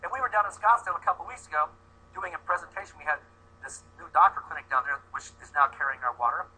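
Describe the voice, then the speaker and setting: A man giving an animated, joking sales presentation to a live audience, putting questions to them. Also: fairly high pitch, breathy edge, poor audio. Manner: animated and joking, acts out quick voices.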